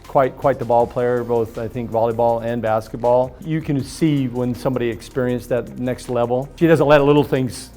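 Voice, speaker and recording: Admiring coworker, mid-pitched. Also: fairly even intonation, moderate pace, few pauses. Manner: admiring, conversational, with fillers. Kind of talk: interview testimonial. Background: soft music.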